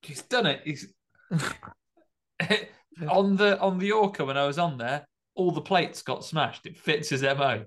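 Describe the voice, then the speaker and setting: Wry man making deadpan quips. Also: a little high, takes it slowly. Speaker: podcast co-host. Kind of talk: casual film chat.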